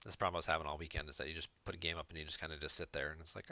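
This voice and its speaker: A man's voice: a bass voice, little pitch movement, very fast, sharp tone. A man chatting casually to his viewers while playing an online card game, talking to people in the chat. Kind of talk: casual gameplay commentary.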